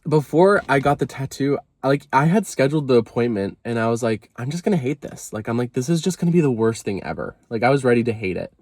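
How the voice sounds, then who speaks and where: A vlogger talks casually to the camera in a confessional video, rambling, self-deprecating, apologizing often and filling with "like". His medium-pitched, darkish voice is expressive and quick, with few pauses. There's no room sound.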